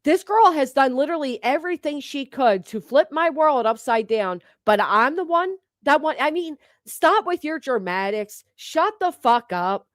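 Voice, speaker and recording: An indignant woman rants straight into a close mic, her voice sitting a little high and bone-dry with no room sound. She is sarcastic and profane and keeps firing off pointed rhetorical questions. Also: lively intonation, moderate pace, hardly any pauses, dry recording. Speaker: online commentator. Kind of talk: heated ranting commentary.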